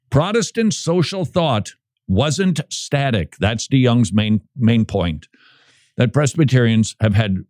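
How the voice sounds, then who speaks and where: A man's voice: medium pitch, dry recording, clean studio sound. A man hosting a radio talk show, chatting in a playful, joking way about church history. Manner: playful, jokey, animated. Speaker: radio host.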